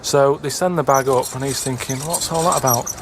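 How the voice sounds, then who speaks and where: A man's voice: mid-range voice, brisk, background noise. A British man telling a rambling anecdote on a comedy podcast, stalling on restarts and fillers. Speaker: podcast guest storyteller.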